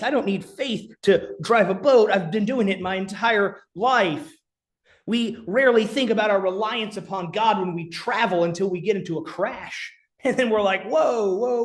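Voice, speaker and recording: A man preaching a sermon as pastor, earnest, sometimes dropping to a near whisper for emphasis. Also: high voice. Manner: earnest preaching with dramatic quiet drops.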